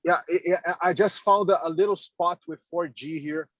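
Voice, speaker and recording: Guy calling in from the car, kinda high voice, stumbles and repeats words, laughs a lot, dry sound. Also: fairly even intonation, normal speed, a bit bright, no room sound. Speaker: meeting participant. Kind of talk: casual video call chat. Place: in a car on the road. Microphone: video call.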